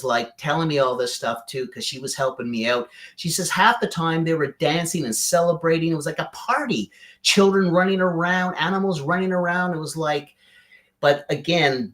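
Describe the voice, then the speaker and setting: A man, a podcast guest, telling a personal story in an animated way and often addressing the host by name. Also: fairly high pitch. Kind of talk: emotional storytelling.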